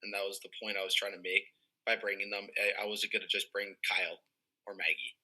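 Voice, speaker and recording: A young man chatting casually as a podcast panelist, telling animated stories full of fillers and swearing. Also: on the low side, fairly quick, low-quality recording. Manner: animated storytelling, heavy "like" fillers, swears freely. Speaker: podcast panelist, former player. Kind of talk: casual chat.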